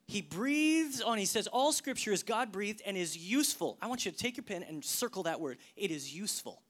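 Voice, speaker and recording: A middle-aged man delivers a sermon in the manner of a working pastor. His delivery swings from loud, emphatic bursts to hushed, whispered asides. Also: sits high, expressive, fairly quick.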